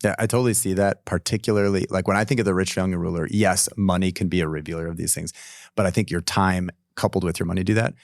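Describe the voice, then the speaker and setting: Pastor, man, deep and earnest, reflective podcast talk, dry room. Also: steady tone, fast, no room sound. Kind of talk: casual podcast discussion.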